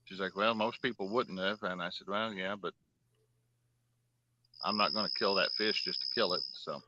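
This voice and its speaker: A man's voice: low voice, steady tone, moderate pace, sharp tone, lo-fi sound. A man hosting a fishing show, chatting casually and rambling through long stories with lots of fillers. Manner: rambling storyteller, drawling, many fillers. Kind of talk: casual chat while fishing.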